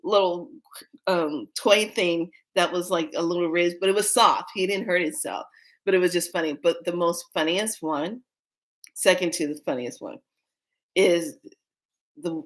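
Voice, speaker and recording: A woman vlogger telling a story in a casual way, animated and often breaking into laughter. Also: fairly low pitch, moderate pace.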